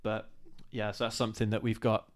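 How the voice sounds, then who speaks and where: Rambling, animated man. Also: on the low side, brisk. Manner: rambling, animated when ranting, laughs easily. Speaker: co-host. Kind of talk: casual live-stream chat.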